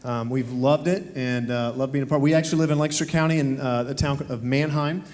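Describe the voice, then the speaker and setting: A man's voice: mid-range voice, steady tone, brisk, a little mellow. A man from Alabama with a Southern accent, chatting onstage in a church interview as the new campus pastor, friendly with many fillers. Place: church sanctuary. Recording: long hall reverb.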